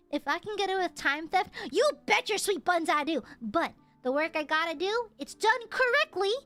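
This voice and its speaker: A young woman streaming and chatting with her audience, telling workplace stories with animated energy and plenty of swearing. Her voice sits high and swoops widely in pitch. Faint music plays behind her. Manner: animated, swears often, lively storytelling. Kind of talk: casual chat with viewers.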